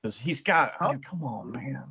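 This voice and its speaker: Man, bright voice, hesitant casual chat, lo-fi audio. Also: medium pitch, expressive, normal speed, slightly rough. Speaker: podcast co-host.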